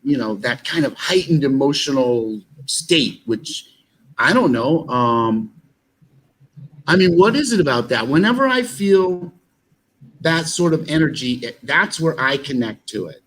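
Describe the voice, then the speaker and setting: A man's voice: medium pitch, animated, a little slow, a bit bright, breathy edge, poor audio. A man telling stories in an interview, rambling with fillers and restarts. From United States. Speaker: actor and musician guest. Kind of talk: animated storytelling in an interview.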